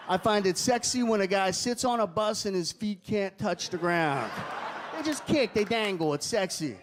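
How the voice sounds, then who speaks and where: High-voiced animated young stand-up comedian. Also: male voice, normal speed, crowd noise. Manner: animated, shouting punchlines in character voices. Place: comedy club stage with live audience. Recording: live club audience and room noise faintly behind.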